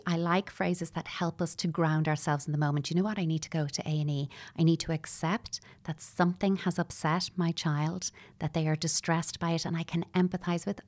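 A woman's voice: fairly low pitch, darkish tone. A middle-aged woman, a child psychotherapist giving earnest, explanatory advice in an interview and acting out what parents say.

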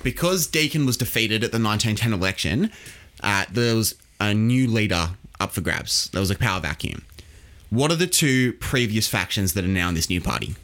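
A man's voice: lowish voice, expressive, fairly quick, fairly bright tone. An Australian man hosting a podcast, explaining history casually and quizzing his co-host.

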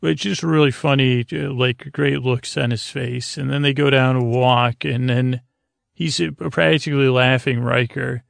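A man hosting a podcast, giving a halting, filler-heavy episode recap meant to lull listeners to sleep. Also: medium pitch, steady tone, vocal fry, no room sound. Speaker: podcast host.

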